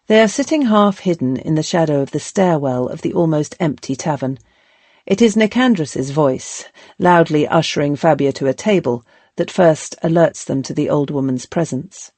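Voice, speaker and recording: Calm woman narrating an audiobook. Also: deep voice, no room sound. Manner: calm, measured storytelling.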